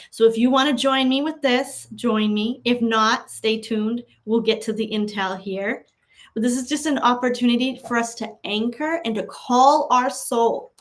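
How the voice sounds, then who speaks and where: A woman serves as a spiritual guide, earnestly walking listeners through a slow affirmation exercise that repeats, along with spiritual talk. Her voice is fairly high and slightly bright.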